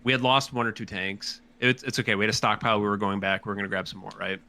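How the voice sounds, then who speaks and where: A man's voice: on the low side, steady tone, racing, bright, forceful tone. A man chatting casually as a podcast guest, rambling and swearing as he restarts his sentences. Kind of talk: casual chat.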